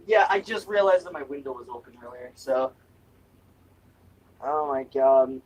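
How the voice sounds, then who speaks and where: A man's voice: medium pitch, darkish tone, distant mic, a little hiss or hum, rough recording. A young man doing a casual taste-test vlog at home, joking, giggling and swearing freely as he reviews snacks. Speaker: food review vlogger. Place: room at home with window open.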